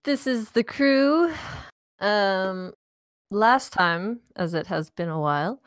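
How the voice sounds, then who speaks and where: A woman hosting and narrating a tabletop role-playing game as dungeon master, relaxed and laughing, with many ums and uhs. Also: mid-range voice, takes it slowly, clear, resonant tone, no room sound, clean studio sound.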